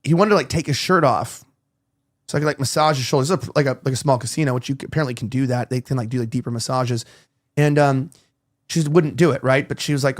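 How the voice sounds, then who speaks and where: A man's voice: medium pitch, fast. Rambling man telling stories. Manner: rambling storyteller, acting out quoted dialogue. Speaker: podcast host. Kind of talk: casual chat.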